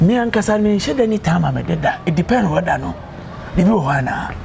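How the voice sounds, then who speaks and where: A very high-pitched man with a gravelly edge and a Ghanaian accent. a talkative man, lecturing and insistent, pressing his advice on a young woman in a film drama. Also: animated, fast, noisy background, full character voice.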